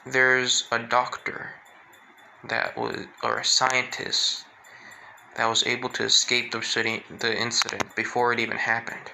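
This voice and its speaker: Calm young hero read by a man, sharp gravelly tone, flat and slow delivery. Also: medium pitch, a little hiss or hum, heavily acted, low-quality recording. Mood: somber. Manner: plain and halting, with restarts.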